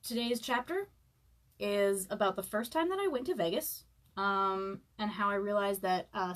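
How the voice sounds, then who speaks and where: Woman in her thirties, hungover author chatting loosely on a live stream before reading her chapter; fillers, laughs, self-mocking. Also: medium pitch. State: hungover, eating saltines and sipping broth. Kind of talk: casual live-stream chat and book reading.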